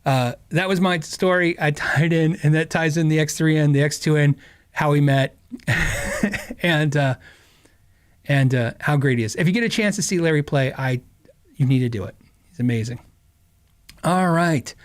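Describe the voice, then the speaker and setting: A man's voice: a little high, moderate pace, long pauses, smooth. A middle-aged man hosting a podcast, telling a story in a casual, rambling way, laughing often and acting out quotes. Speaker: podcast host.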